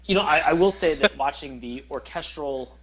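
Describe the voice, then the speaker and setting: A man co-hosting a podcast in casual chat, rambling and animated as he searches for words. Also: a little high, normal speed, poor audio. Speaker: podcast co-host.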